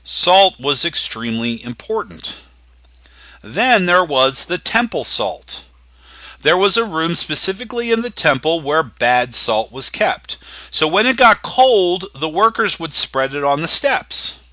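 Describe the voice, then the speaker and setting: Bright, lively male preacher. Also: on the high side, dry recording. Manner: teaching, emphatic with slow stressed phrases. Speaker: pastor. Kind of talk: sermon.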